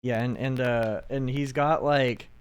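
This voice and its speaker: A man's voice: medium pitch, fairly even intonation, unhurried, smooth. Chatty, joking male player. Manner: chatty, jokey, rambling. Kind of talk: casual tabletop chat.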